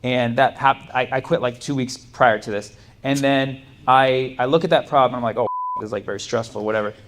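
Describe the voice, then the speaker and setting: A man doing stand-up comedy on a club stage, telling a story with loud, animated bursts and shouted impressions. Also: mid-range voice, fairly quick. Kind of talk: stand-up crowd work and storytelling. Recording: live club recording with audience noise. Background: audience ambience.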